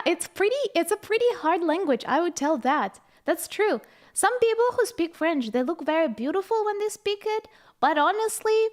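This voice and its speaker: A young woman from Ukraine, chatting casually on a live stream, telling stories, reading chat aloud and laughing often. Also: extremely high pitch.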